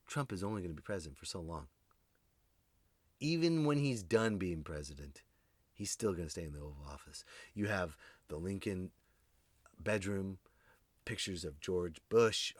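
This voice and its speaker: Animated man rambling jokes on a podcast. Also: medium pitch, no echo. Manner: rambling and jokey, swinging between loud outbursts and muttered asides. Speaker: podcast host. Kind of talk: comedic solo podcast monologue.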